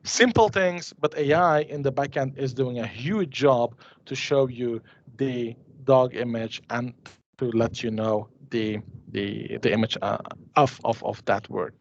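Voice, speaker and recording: Man demoing software, dull audio. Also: mid-range voice, a little slow. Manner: chatty, restarts and hesitates while clicking through a demo. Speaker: conference presenter. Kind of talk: live software demo.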